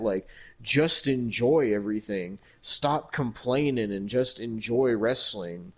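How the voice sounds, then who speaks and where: A man's voice: fairly low pitch, moderate pace. A man hosting a casual podcast, ranting heatedly and swearing constantly. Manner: heated, heavily profane ranting. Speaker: podcast host.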